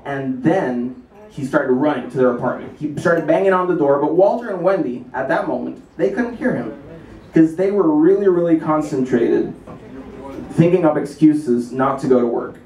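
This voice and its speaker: A man's voice: fairly high pitch, lively intonation, dark tone. A man giving a playful spoken-word performance, rattling off alliterative lines and telling a story on stage at a small café venue. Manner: quick playful alliterative recitation. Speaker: singer-songwriter performing live. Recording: roomy live recording from far off with guitar. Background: guitar playing.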